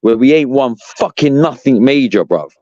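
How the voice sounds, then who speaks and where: A man's voice: mid-range voice, lively intonation, moderate pace, mellow. A young man ranting as a podcast co-host, profane and exasperated, saying "bruv" constantly. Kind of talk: heated fan rant. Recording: dull, dry lo-fi sound.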